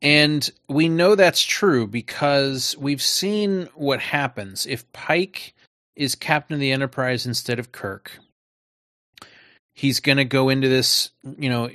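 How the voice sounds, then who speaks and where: A man's voice: mid-range voice, fairly bright tone, dry recording, clean studio sound. A man co-hosting a casual discussion, sarcastic and laughing as he talks. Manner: sarcastic, laughs while talking. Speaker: podcast co-host.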